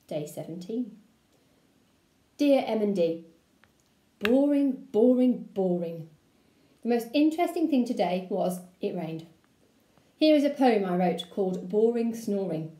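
A woman primary school teacher reading a children's book aloud to her class, with an expressive, playful delivery. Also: medium pitch, unhurried, long pauses, roomy sound.

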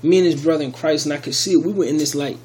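A man's voice: fairly high pitch, racing, darkish tone, slight background noise. Rambling man telling a testimony. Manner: rambling, many restarts and fillers. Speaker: video testimony speaker. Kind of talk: casual spoken testimony.

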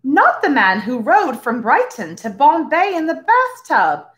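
A woman voicing a rich, bored, easygoing gentleman with breezy upper-class politeness in a storybook reading. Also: high voice, huge pitch swings, measured pace, pitched above the performer's own voice, heavily acted. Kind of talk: read-aloud storytelling.

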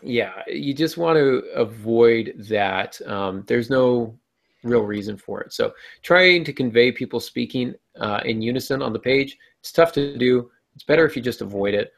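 Gravelly man chatting about writing. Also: medium pitch, moderate pace. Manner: chatty, laid-back, lots of fillers. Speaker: podcast co-host. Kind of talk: casual podcast discussion on writing.

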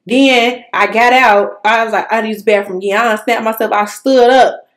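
A young woman tells a story with lively animation on a casual podcast. Her voice sits a little high, and she talks in loose, slangy chat. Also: normal speed. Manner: animated storytelling, Southern Black-American vernacular slang. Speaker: podcast host.

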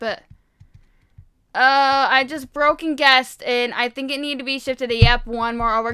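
Young woman playing a video game, bright voice, talks to herself, gets loud fast. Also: on the high side, clean tone. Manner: excitable, loud, talks to herself while building. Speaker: gaming video host. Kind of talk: casual game commentary.

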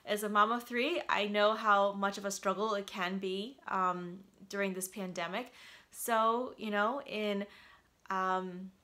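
Woman reading a picture book to kids, animated and expressive, with a bright tone. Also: medium pitch, a little slow. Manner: animated, gasping at surprises. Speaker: doctor and mom reading to kids.

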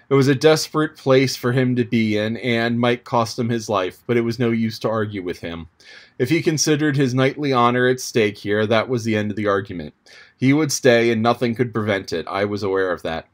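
A man reading an audiobook chapter in a measured, descriptive manner. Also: mid-range voice. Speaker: audiobook narrator. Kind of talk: audiobook narration.

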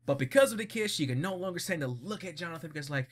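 A man giving a casual, blunt episode recap in a vlog, animated and laughing often. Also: fairly high pitch, racing, hardly any pauses, slight background noise. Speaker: vlogger.

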